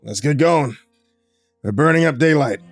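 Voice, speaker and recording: A man voicing a grim, hard-bitten frontier monster hunter who barks gruff commands and curses. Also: a little high, animated, normal speed, no room sound, soft background music. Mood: terse.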